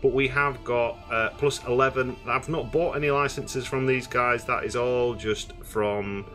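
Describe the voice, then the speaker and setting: Guy rambling through his space game, bright tone, soft music and typing behind. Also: medium pitch, steady tone, unhurried. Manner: rambling, hesitant, chatty. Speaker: gaming streamer. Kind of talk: casual let's-play commentary.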